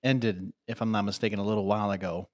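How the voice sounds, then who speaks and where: A man with a fairly low, steady voice talks at a quick pace, recorded in clean studio sound with no room sound. As a podcast co-host he rambles through casual chat, leaning heavily on "I mean" and "like."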